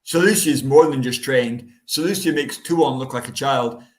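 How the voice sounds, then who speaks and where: Male co-host, mid-pitched, assured explainer, roomy sound. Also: normal speed. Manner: explanatory, confident. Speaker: podcast co-host. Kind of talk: casual chat explaining a book.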